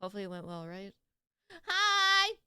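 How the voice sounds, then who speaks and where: A woman's voice: medium pitch, sing-song, moderate pace, sharp tone, clean tone, no echo, clean studio sound. A young woman on a live stream, chatting casually and giggling as she greets viewers and reacts to videos.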